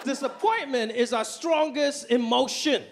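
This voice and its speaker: A male stand-up comedian performing live on stage, with a punchy, animated delivery full of voice impressions. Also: extremely high pitch, measured pace. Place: stage in front of a live audience. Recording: noisy live stand-up recording.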